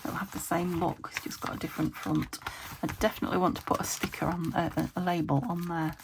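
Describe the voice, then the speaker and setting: A woman's voice: lowish voice, flat delivery, fast talker, creaky, background noise. A woman from the UK chatting casually to camera as she makes a craft, meandering and talking to herself as she works. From United Kingdom. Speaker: crafting video host.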